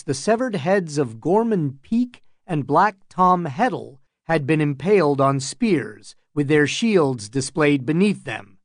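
A man narrating a fantasy audiobook in a measured, even manner. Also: on the high side, no room sound, studio quality.

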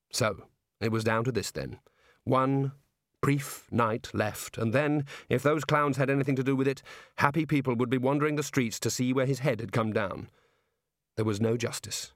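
A man reads scripted narration with a measured, wry delivery. His voice sits at a middle pitch for a man, and the recording is dry and close. The sound is that of a plain audiobook. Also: fairly even intonation, dry recording.

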